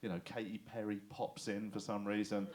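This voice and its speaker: A man's voice: on the low side, moderate pace. Chatty English man doing stand-up. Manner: chatty, animated, swears and asks the crowd "right?". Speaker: stand-up comedian. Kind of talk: stand-up comedy set. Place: comedy club stage.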